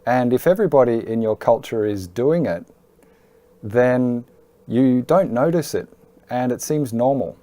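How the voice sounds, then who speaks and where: A man's voice: medium pitch, expressive, a little slow, mellow, dry recording. A man teaching pronunciation in a video lesson, explaining patiently and stressing key points. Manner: clear, patient, emphatic teaching. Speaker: IELTS teacher. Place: Hong Kong.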